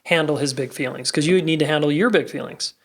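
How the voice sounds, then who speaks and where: A man hosting a podcast interview, affirming his guest with quick interjections and short comments. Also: a little high, creaky, fairly bright tone. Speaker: podcast host. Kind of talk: conversational interview.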